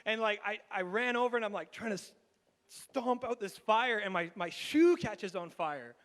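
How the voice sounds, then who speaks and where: A pastor telling a lively, laughing story in a sermon, with many restarts and a Canadian accent. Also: male voice, high-pitched, normal speed. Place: church sanctuary. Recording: long hall reverb.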